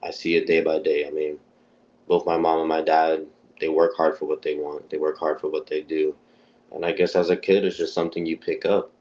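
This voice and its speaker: A young man who is a boxer joins a casual call-in interview as a guest, his very low, deep voice coming through dull, muffled phone audio. Laid-back, flat, and a little mellow, he talks slightly fast and often repeats words while gathering his thoughts.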